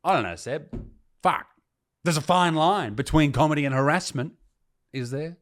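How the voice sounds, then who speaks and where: A man's voice: a little high, moderate pace. A man, a comedian ranting sarcastically and with heavy swearing while reading comments aloud. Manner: sarcastic, profane, mocking. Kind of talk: reacting to comments, casual rant.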